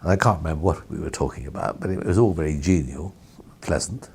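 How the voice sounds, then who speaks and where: A man's voice: very deep voice, fast talker, gravelly, a little mellow, a little hiss or hum. An older man, a former newspaper editor, telling a rambling story with frequent chuckles and restarts in an archival interview. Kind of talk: anecdotal reminiscence.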